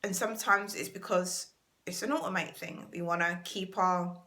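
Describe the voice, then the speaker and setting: A woman's voice: fairly low pitch, fairly even intonation, normal speed, bright, forceful tone. A British woman hosting a self-help channel, giving an earnest motivational talk to camera and stressing key words by repeating them.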